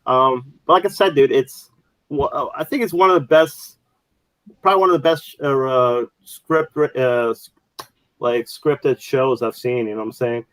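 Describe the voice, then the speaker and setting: Male podcast co-host, mid pitch, dry close mic, loose rambling delivery with lots of fillers. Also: measured pace, a bit bright, dry recording, poor audio. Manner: rambling, many fillers and restarts. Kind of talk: casual chat.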